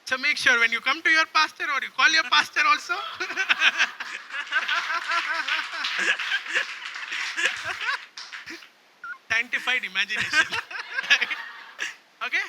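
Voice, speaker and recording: A man's voice: extremely high pitch, fast talker, few pauses, pushed and bright, slight background noise. A man preaching a sermon, drawing call-and-response from the congregation and repeatedly asking if they understand. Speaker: pastor.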